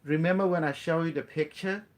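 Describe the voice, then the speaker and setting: A man with a somewhat high voice gives a casual spiritual talk at a brisk pace. He rambles and repeats himself, keeps asking his listener questions, and breaks into playful chanting.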